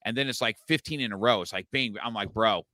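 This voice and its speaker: A man's voice: medium pitch, fast talker, sharp tone, dry recording, studio quality. A male podcast host in casual chat, joking, laughing often and tacking "right?" and "man" onto his lines.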